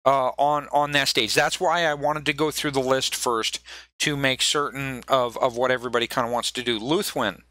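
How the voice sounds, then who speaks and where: A man's voice: mid-range voice, steady tone, moderate pace, bright, forceful tone, no room sound. A man narrating and running a tabletop game in a loose, rambling way. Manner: loose, rambling, many fillers and restarts. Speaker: game master.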